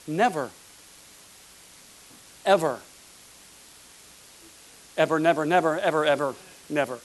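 A pastor from the United States, preaching a fervent sermon with emphatic repeated words. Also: male voice, fairly high pitch, takes it slowly, poor audio.

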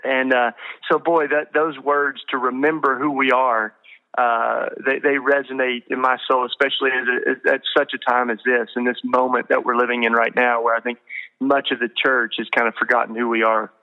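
A man's voice: mid-range voice, flat delivery, normal speed. Earnest man telling stories, muffled sound. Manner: earnest, emotional, frequent fillers and restarts. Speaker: guest. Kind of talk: storytelling interview talk.

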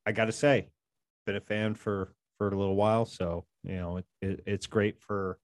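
A man's voice: fairly low pitch, little pitch movement, moderate pace. A man chatting on a podcast, joking and swearing casually, often stumbling and restarting.

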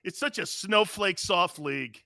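A man's voice: high voice, unhurried, sharp tone, no echo, clean studio sound. A man hosting a sports talk show, delivering a brash, mocking monologue. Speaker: sports radio host.

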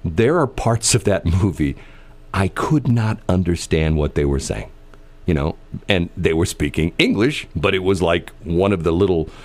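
A man's voice: sits low, moderate pace, a little mellow. A middle-aged man from the American Midwest chatting casually, rambling through stories with many fillers and restarts.

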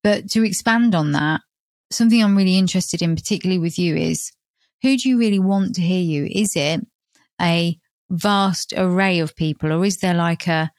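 A woman's voice: on the low side, moderate pace, a little mellow, no echo, clean studio sound. A woman hosting a podcast, asking her guest thoughtful, probing questions. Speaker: podcast host. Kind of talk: interview conversation.

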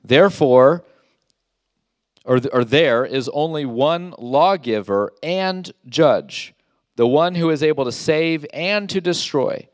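A man's voice: on the high side, expressive, measured pace, no room sound, studio quality. Emphatic male pastor preaching. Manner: emphatic, rhetorical questions, reads scripture aloud. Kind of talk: sermon.

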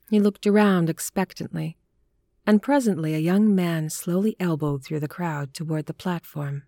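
Woman narrator, horror story, measured and even, lowish voice, dry close sound. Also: no echo.

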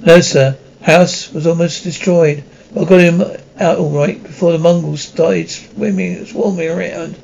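A man voicing a big, soft-hearted male giant groundskeeper in an audiobook reading, gruff and tearful. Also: on the high side, fairly even intonation, a little slow, hardly any pauses, slight background noise. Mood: upset. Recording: dull lo-fi recording.

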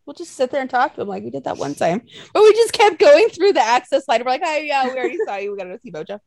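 A woman's voice: sits high, fast, gravelly, no room sound, studio quality. A woman co-hosting a casual chat, telling stories with lots of swearing and acted-out quotes. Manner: animated storytelling, swears a lot, acts out quotes.

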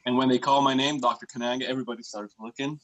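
A man's voice: medium pitch, fairly even intonation, rapid-fire, fairly bright tone, poor audio. Easygoing storytelling man. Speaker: podcast guest, musician. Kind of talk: casual chat.

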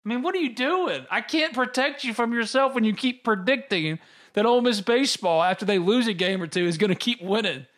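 A high-pitched man hosting a sports podcast. He talks in a lively, joking way and teases his co-host as they chat about college sports. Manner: animated, joking, quick to tease. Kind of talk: casual sports talk.

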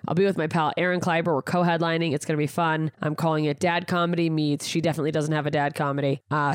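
Her voice low and a little mellow, a comedian hosting her own podcast wanders casually through plugs and tour dates. She swears openly and is self-deprecating, and the studio-microphone recording is echo-free and studio quality.

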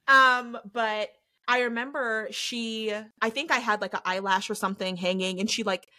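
A young adult woman hosting a podcast in casual chat, telling stories with lively acted-out quotes and frequent laughter. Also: fairly high pitch, normal speed. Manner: animated storyteller acting out quotes, laughs often. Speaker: podcast host.

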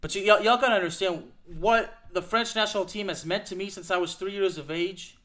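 Host, male, high-pitched, emphatic repetitive ranter, casual show delivery. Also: fairly quick, fairly bright tone. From United States. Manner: emphatic, repetitive, fired-up ranting with frequent "okay?". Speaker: podcast host. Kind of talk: ranting soccer commentary.

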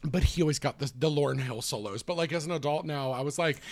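A man hosting a podcast in casual chat, telling stories quickly with self-deprecating jokes. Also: fairly high pitch, a loud crowd. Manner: fast, joking and self-deprecating storyteller. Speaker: podcast host.

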